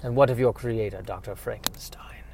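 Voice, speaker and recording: A man voicing a solemn, dramatic interviewer who speaks slowly and accusingly, set back from the mic and at times dropping to a hush. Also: on the low side, steady tone, slight background noise, close to an everyday voice. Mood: accusing, grave. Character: grave, dramatic male interviewer confronting a monster.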